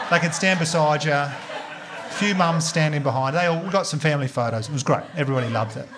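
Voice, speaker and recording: An Australian man doing stand-up comedy, telling a story with animated delivery, swearing and acting out the other characters. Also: a little fast. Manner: animated, swearing, acts out voices with big pitch jumps. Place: comedy club stage before a laughing audience. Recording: comedy club with audience noise.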